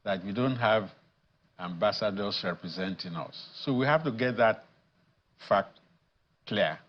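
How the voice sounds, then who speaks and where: A man, a guest addressed as professor, speaking in a measured, deliberate way with frequent pauses and fillers in a studio news interview. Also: on the low side, lively intonation, gravelly, muffled recording. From Nigeria.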